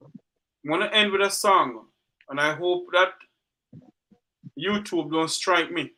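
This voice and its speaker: A man's voice: high-pitched, slow pace, sharp tone. A Jamaican man hosting a talk show, speaking with passion and asking rhetorical questions, close to tears. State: near tears. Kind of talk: emotional talk show monologue.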